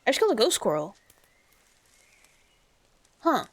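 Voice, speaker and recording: Excitable, rambling woman streamer. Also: on the high side, measured pace, no echo. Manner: rambling and excitable, swears freely. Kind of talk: casual gameplay commentary.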